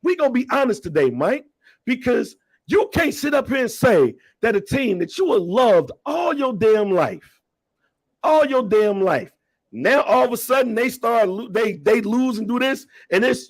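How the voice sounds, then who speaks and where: A man co-hosting a podcast in heated casual banter, loud and teasing, repeating himself insistently. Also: very high-pitched, sing-song, moderate pace, no room sound. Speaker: podcast co-host.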